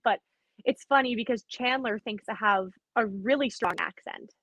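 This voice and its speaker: A woman's voice: medium pitch, moderate pace, fairly bright tone, no echo, dull audio. A young woman from Canada with a light Canadian accent, a guest in casual chat, saying "like" a lot. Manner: casual, heavy use of "like", quotes herself. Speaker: podcast guest, athlete.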